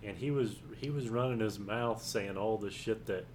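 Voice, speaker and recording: Male podcast co-host, lowish voice, loose rambling storyteller who laughs often; light background noise. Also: moderate pace. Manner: rambling, laughing, retells wrestling news. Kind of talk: casual chat.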